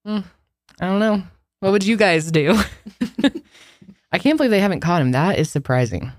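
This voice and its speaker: 活泼爱笑的女主持人，语调起伏大. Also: female voice, on the low side, sing-song, moderate pace, no room sound, studio quality. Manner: chatty, laughs a lot. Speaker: podcast co-host. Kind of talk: casual chat.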